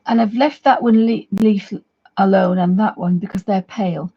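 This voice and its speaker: Woman, livestream art tutor, chatty and easygoing, soft husky voice, slightly dull lo-fi audio. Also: mid-range voice, steady tone, moderate pace. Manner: chatty, friendly asides to viewers, trailing restarts. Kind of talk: casual live craft demonstration.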